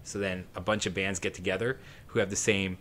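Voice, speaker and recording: A man's voice: low voice, level tone, fairly quick, fairly bright tone, slight background noise. A man in his late thirties from southern Ontario, a guest musician telling a long story on a podcast in a rambling, profane way, full of fillers and laughter.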